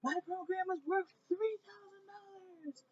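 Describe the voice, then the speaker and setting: A woman mimicking a slick, high-pitched sales coach. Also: far from the mic, highs cut off. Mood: mocking pitch. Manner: slow, exaggerated sales pitch.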